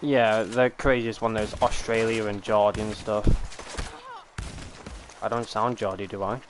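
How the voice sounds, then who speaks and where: A man's voice: fairly low pitch, little pitch movement, unhurried, noisy background. A British man from the UK chatting casually on a live stream, rambling, swearing and laughing easily.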